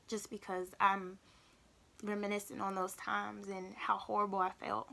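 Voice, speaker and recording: Bright-voiced woman in a halting confessional. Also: mid-range voice, flat delivery, vocal fry. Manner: halting, emotional, repeats herself. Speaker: vlogger. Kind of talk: personal confessional vlog.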